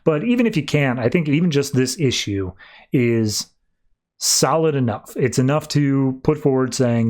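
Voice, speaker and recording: A man hosting a podcast, retelling a comic in a quick, rambling way full of fillers. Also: mid-range voice, very animated, darkish tone. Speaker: podcast host. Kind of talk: casual comic recap.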